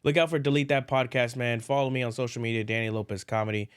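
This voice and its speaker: Laid-back comedian guest, mid-pitched man. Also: steady tone, quick pace, clean tone, no echo, studio quality. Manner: laid-back, says "dude" and "man" a lot. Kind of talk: casual podcast chat.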